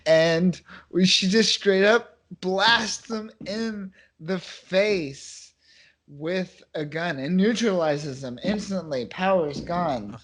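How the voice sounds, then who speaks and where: A man co-hosting a podcast, chatting casually about comics in a relaxed way, chuckling and slipping into mock voices. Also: high-pitched, slow. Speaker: podcast co-host. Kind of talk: casual comic-book discussion.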